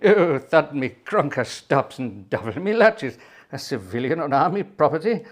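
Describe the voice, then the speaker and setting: A man voicing a blustering, indignant British army man who bellows his lines slowly and loudly. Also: fairly high pitch, sing-song. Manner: loud, drawn-out bellowing.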